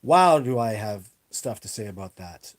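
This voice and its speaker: A man's voice: on the low side, moderate pace, mellow. Rambling, emphatic man hosting a livestream. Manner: rambling, emphatic, repeats himself. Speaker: livestream host answering viewer questions. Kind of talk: casual livestream Q&A. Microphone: webcam on a live video stream.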